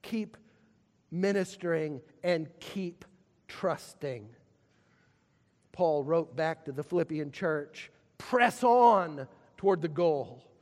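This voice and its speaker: A man preaching a sermon as pastor, repeating and pausing, swinging from loud calls to hushed lines. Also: fairly high pitch, expressive. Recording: long reverb of a church hall.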